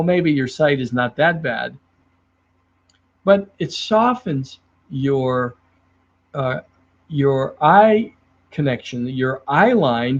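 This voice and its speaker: Man, middle-aged, sales trainer, acts out his stories, slightly husky, muffled lo-fi recording. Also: mid-range voice. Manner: animated storyteller who acts out his clients. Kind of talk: speaking to the camera about selling. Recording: dull lo-fi sound.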